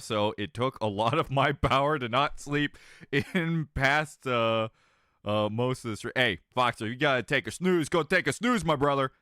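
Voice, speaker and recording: A man's voice: medium pitch, sharp tone, clean tone, no echo, studio quality. A man with a slight Southern American twang chatting casually with viewers on a live stream, rambling and joking and laughing between sentences. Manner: rambling, jokey, often laughing mid-sentence.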